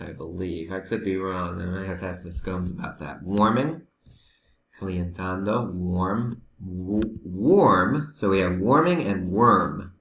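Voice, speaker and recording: A man with a low, gravelly voice walks learners through vocabulary at an unhurried pace, switching into Spanish to help them along. He sounds patient. The sound is roomy, with some echo. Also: fairly bright tone, slight background noise. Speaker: teacher. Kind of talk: remote vocabulary lesson.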